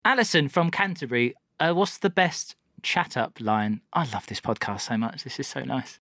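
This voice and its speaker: A woman's voice: very deep voice, moderate pace, fairly bright tone, no echo, clean studio sound. A woman hosting a podcast, reading out listener questions and encouraging her guests. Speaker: podcast host. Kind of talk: casual chat.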